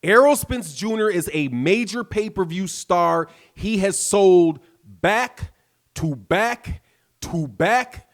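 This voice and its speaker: Emphatic high-voiced male commentator. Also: expressive, slow. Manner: emphatic, rhetorical questions, repeats phrases. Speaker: boxing channel host. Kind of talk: opinionated solo commentary.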